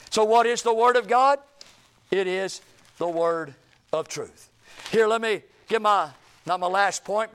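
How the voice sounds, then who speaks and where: A man preaching a sermon, shouting key points and dropping low at the ends of phrases. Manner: folksy, emphatic preaching with sudden shouts and drops to low trailing endings.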